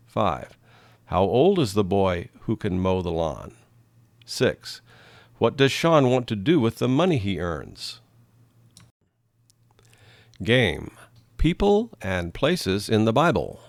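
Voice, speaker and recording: A man reading English lesson questions aloud slowly and clearly for learners. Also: on the low side, dry recording.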